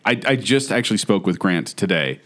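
This is a young man chatting casually with friends, easygoing and fond of a joke. His voice sits fairly low, and his intonation moves around a lot. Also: animated, fairly quick, fairly bright tone. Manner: easygoing, joking. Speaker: podcast co-host. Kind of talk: casual chat among friends.

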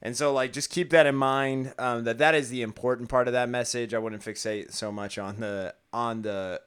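A man co-hosting a casual discussion podcast, rambling and animated, laughing often as he talks things through. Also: medium pitch, normal speed, smooth. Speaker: podcast co-host.

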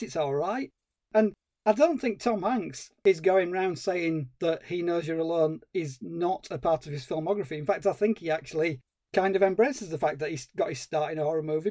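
A man's voice: a little high, fairly quick, dry recording, studio quality. A man co-hosting a film podcast, chatting casually and laughing easily. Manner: animated, laughs at his own lines. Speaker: podcast co-host.

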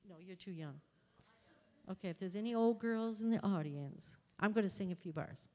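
A woman's voice: mid-range voice, moderate pace, dark tone. A woman speaking casually to a church conference audience and breaking into gospel song. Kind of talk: casual talk and gospel singing. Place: large hall with audience. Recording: echoey hall with music.

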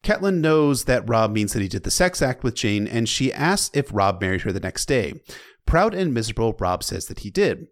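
A man's voice: medium pitch, big pitch swings, moderate pace. Sardonic man recapping a novel. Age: adult, past sixteen. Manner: sardonic, irreverent asides. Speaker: book recap narrator. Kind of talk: comedic reading and recap of a novel.

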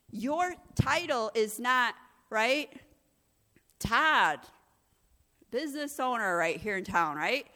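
A woman's voice: fairly high pitch, bright, forceful tone. A woman pastor giving a conversational sermon, growing emphatic and intense at moments. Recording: long hall reverb.

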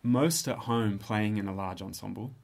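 A man in his thirties with an Australian accent talks about his music in a relaxed interview. His voice sits a little low, and he weighs his words, pausing and restarting as he thinks. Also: vocal fry. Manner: thoughtful, hesitant, with frequent restarts. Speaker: composer and musician. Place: studio space.

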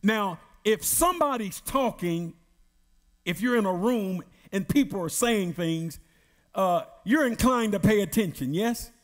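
Man, pastor, high voice, slow and lively preaching, long hall reverb. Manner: emphatic, drawn-out preaching with call-and-response. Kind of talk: Bible study sermon.

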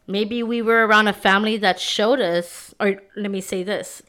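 A woman's voice: mid-range voice, steady tone, normal speed, sharp tone. A woman in her thirties hosting her own podcast, sharing personal reflections in a heartfelt, conversational way with many fillers. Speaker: podcast host.

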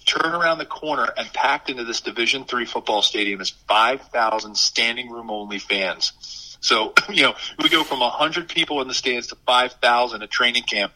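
A man in his fifties, a former football player and guest, telling animated anecdotes in a casual interview with many "you know" fillers. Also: mid-range voice, normal speed, poor audio.

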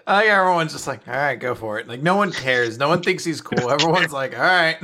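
A man's voice: fairly high pitch, lively intonation, a little fast, pushed and bright. A man co-hosting a podcast in casual chat, amused and laughing often. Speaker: podcast co-host.

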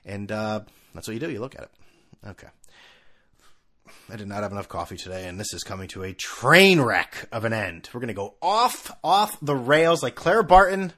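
A man's voice: lowish voice, very animated, moderate pace, a bit bright. A man hosting a podcast on his own, talking in a rambling, self-mocking way with bursts of laughter. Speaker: podcast host. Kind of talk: casual solo podcast chat.

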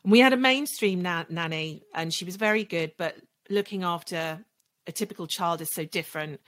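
A woman in her forties speaks as a podcast guest, telling her own story with candid, reflective honesty. Her voice sits on the lower side, and she lets it sink soft and quiet whenever she recalls the hardest moments. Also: normal speed. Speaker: podcast guest, legal marketer.

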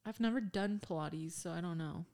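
A woman's voice: on the low side, a little fast, creaky. A young woman, a mom, chatting casually into a microphone and telling a story with lots of laughter. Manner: giggly, animated storytelling. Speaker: co-host. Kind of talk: casual chat.

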